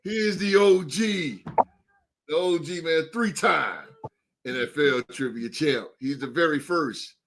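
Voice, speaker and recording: A man hosting a sports podcast, reading sponsor plugs and giving booming announcer-style introductions to his co-hosts. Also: a little slow, noisy background. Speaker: podcast host.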